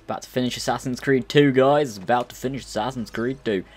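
A young man, giving chatty, excitable commentary while playing a video game. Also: medium pitch, fast talker, faint music behind. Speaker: let's play gamer. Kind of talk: casual gameplay commentary.

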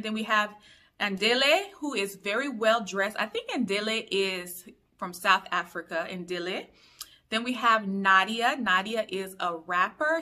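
A woman's voice: medium pitch, bright, forceful tone. A young woman from Liberia chatting through a casual TV episode recap, full of opinionated asides. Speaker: YouTube reviewer.

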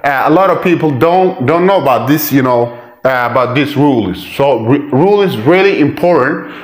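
A man teaching English pronunciation. He repeats example words slowly and switches between languages as he explains. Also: mid-range voice, animated, echoey room. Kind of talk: pronunciation lesson.

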